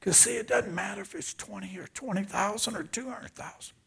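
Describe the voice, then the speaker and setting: An older pastor from southeastern Louisiana preaches through personal stories, his voice raspy and full of gravel. He talks in a somewhat high register and drops into hushed, breathy whispers whenever he wants a point to land. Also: brisk. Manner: animated storyteller who drops to hushed whispers for emphasis. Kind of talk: storytelling sermon.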